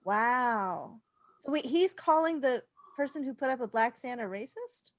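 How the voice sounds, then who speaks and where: A woman in a casual podcast chat, reading a letter aloud haltingly and reacting in disbelief. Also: a little high, animated. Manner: incredulous, stumbling over reading.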